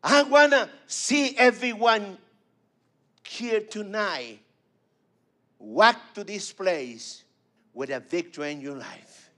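High-voiced fervent preacher, slow and soaring. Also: male voice, lively intonation. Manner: fervent, rising to shouts then dropping soft. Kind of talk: sermon.

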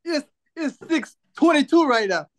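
With a very high-pitched voice at normal speed, a man hosting a podcast narrates a long story in casual chat. His delivery is animated and profane: he laughs frequently, jokes and swears freely, and performs other people's lines in different voices.

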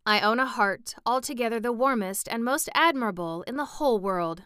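A woman's voice: fairly high pitch, brisk, pushed and bright, clean tone, no echo, clean studio sound, voice pushed up. A woman voicing a tender-hearted, sympathetic tin man in a storybook reading. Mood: earnest. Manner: earnest, sympathetic. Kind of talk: audiobook reading.

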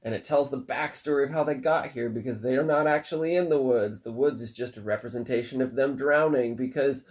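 A man's voice: mid-range voice, a little fast, darkish tone. Guy rambling thru a cartoon plot, run-on sentences, swears a bit, casual. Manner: rambling, run-on, profane, breathless recap. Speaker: storyteller recapping a cartoon. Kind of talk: casual chat.

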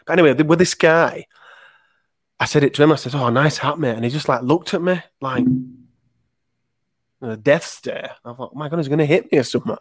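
A man co-hosts a casual podcast chat, spinning long anecdotes and slipping into the voices of the people in them. His voice sits a touch high for a man. The sound is close and dry, with no room around it. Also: brisk, pauses often, no echo. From Leeds. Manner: chatty anecdotal storyteller, acts out quotes. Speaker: podcast co-host.

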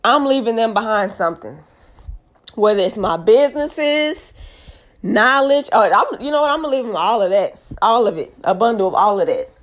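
A woman hosting her own podcast, a mother, talking in a forceful, preachy motivational monologue and repeating lines for emphasis. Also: a little high, normal speed. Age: adult with kids. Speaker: podcast host.

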